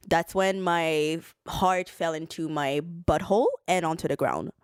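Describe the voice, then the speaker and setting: A woman's voice: on the low side, smooth, dry recording, clean studio sound. Profane, rambling woman podcast host. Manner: rambling, profane storytelling with laughter. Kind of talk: casual chat.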